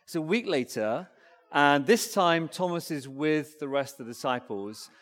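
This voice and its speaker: A man giving a family-friendly sermon, asking the congregation questions and talking back and forth with them in a lively way. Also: fairly high pitch, a little slow. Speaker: preacher. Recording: long hall reverb.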